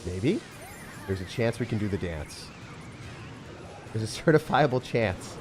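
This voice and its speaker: A man's voice: on the low side, lively intonation, unhurried, background noise. A young man streaming a game live, joking at his own expense and answering chat. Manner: self-mocking, jokey, reads and answers chat.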